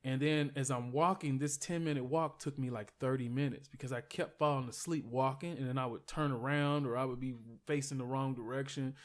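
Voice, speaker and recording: A man telling a long story as a podcast guest, in a mid-pitched voice. He rambles loosely, filling the gaps with "like" and "you know". His retelling is animated and casual, with the odd curse thrown in. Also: fairly quick, hardly any pauses.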